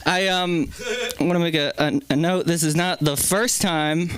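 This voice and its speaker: A man's voice: fairly high pitch, fairly even intonation, measured pace, a bit bright, rough recording. A young man doing casual open mic stand-up comedy in a club, loose and chatty with lots of "like". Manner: loose, casual delivery with frequent "like".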